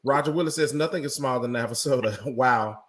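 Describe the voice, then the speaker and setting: A man's voice: mid-range voice, quick pace. A man with a Southern accent co-hosting a morning radio show, teasing and reading out viewer comments. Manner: animated, reads chat comments, teasing. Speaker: co-host. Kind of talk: casual radio chat.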